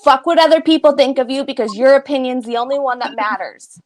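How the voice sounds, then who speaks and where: A woman's voice: high-pitched, quick pace. A woman co-hosting a psychic reading livestream, comforting her co-host and calling her honey, with a slightly indignant edge. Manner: comforting, calls people honey, a little indignant. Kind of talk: livestream chat.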